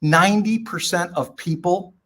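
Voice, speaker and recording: A man's voice: sits high, normal speed, a bit bright. An older man speaking as a podcast guest, giving emphatic, preachy advice in short punchy phrases and telling stories. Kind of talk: motivational podcast talk.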